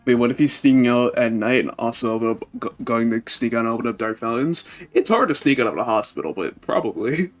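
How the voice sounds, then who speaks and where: A man talks loosely with friends, circling his point with plenty of stumbles and swearing. His pitch sits in an ordinary middle range. Faint music plays underneath. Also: lively intonation, quick pace, few pauses. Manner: rambling, stumbling, swears freely. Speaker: friend in group discussion. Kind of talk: casual group chat over a call.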